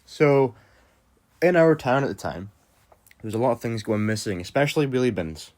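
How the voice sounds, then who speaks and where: A man's voice: medium pitch, expressive, moderate pace, a little mellow. A young Scottish man casually telling a story from his youth, loose and self-mocking, with frequent fillers and swearing. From Scotland. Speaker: storytelling vlogger.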